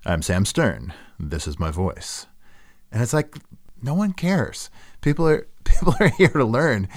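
A man hosting a podcast, talking casually and self-deprecatingly about his own work. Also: on the low side. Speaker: podcast host. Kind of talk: casual reflective monologue.

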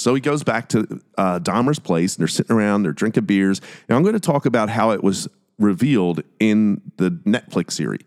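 A man's voice: on the low side, lively intonation, fairly quick, darkish tone. A man hosting a podcast, talking in a casual, critical, conversational way as he retells scenes. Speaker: podcast host. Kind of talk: casual commentary.

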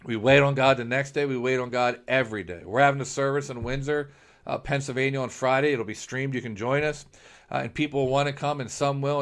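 A man's voice: mid-range voice, fairly bright tone. A man preaching a sermon, earnest and repetitive, often restarting phrases as he builds a point. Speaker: preacher, ministry founder.

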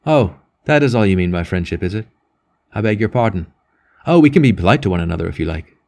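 A man's voice: sits low, animated, quick pace, vocal fry, a little mellow. A man voicing an earnest elder priest, firm in his faith, in an audiobook reading. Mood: polite, curt. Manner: earnest, pressing.

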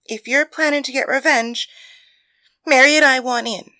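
A woman's voice: high-pitched, fairly even intonation, normal speed, bright, forceful tone, no room sound, pitched above the performer's own voice. A woman voicing a loyal young woman who speaks earnestly and with determination. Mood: determined. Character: loyal young woman ally, eager for revenge.

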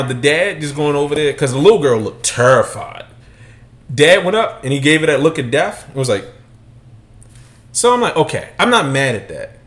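Animated profane podcast co-host, man. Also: medium pitch. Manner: animated, profane storytelling with loud acted-out quotes. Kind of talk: casual chat.

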